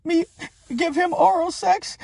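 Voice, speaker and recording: A man mimicking a woman reading out an accusation in a mocking, high-pitched voice. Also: fairly even intonation, a little slow, vocal fry, a little mellow, exaggerated voice.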